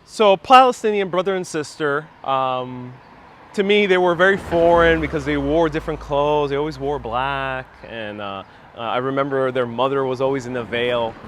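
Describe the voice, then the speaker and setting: A man from New York City in his thirties, livestreaming a walking tour outdoors on a wireless lapel mic and telling childhood stories in a casual, animated way. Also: mid-range voice, moderate pace, slight background noise. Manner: animated storyteller, reads viewer comments aloud. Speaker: vlogger giving a live walking tour. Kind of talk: casual live-stream storytelling.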